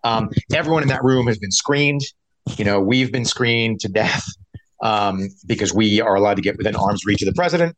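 A middle-aged man, a veteran reporter, explaining events in a measured way with frequent restarts. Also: fairly low pitch, poor audio. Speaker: veteran White House reporter. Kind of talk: conversational interview answers.

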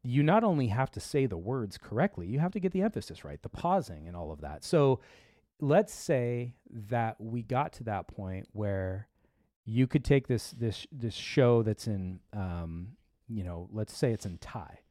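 A man's voice: lowish voice, expressive, a little slow, dark tone, no room sound, studio quality. A man hosting a tech show in casual chat, rambling along with lots of fillers and restarts.

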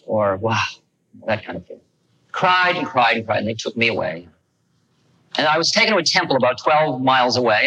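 An older man telling a personal story to an audience, animated and acting out the lines he quotes. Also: mid-range voice, slightly rough, rough recording. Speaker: speaker recounting a personal story. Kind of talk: storytelling talk.

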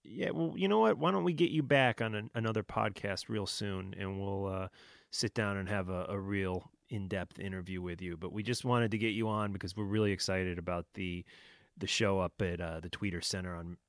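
Man interviewing, low voice, dry close sound, friendly promo wrap-up. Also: fairly even intonation, moderate pace, no echo. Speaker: podcast co-host, interviewer. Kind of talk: casual interview.

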